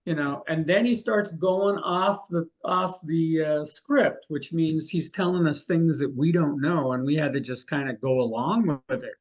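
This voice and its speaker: Older male guest, slightly higher voice, animated storyteller who mimics others. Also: unhurried, few pauses. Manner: animated, acts out the people he quotes. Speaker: guest, mentalist. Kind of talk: anecdotal storytelling in an interview.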